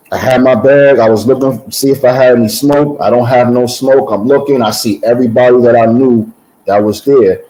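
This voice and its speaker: A man recounts his own past in a relaxed conversational testimony. His voice is warm and mellow, sitting at an ordinary pitch. He repeats words as he goes and breaks into voices for other people. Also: low-quality recording. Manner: animated storyteller, repeats words, acts out voices. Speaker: guest giving testimony. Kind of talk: personal testimony in casual conversation.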